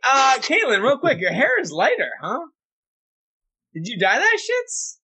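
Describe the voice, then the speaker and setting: A man with a high, bright, animated voice hosts a casual podcast over a video call. He jokes loosely and swears freely. His pitch jumps all over as he talks. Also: a little slow, slightly rough, rough recording. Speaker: podcast host.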